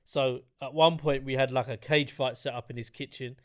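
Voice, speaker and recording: A man's voice: mid-range voice, fairly even intonation, moderate pace. A man hosting a casual podcast, laid-back and chatty, often giving short agreeing replies. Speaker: podcast host.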